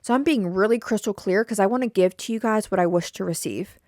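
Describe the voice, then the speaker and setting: A woman's voice: mid-range voice, fast, a little mellow, no room sound, studio quality. A young woman hosting her own podcast alone, talking casually and bluntly with lots of repeated words, swearing and mock quotes. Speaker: podcast host. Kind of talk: casual solo podcast chat. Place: home attic podcast studio.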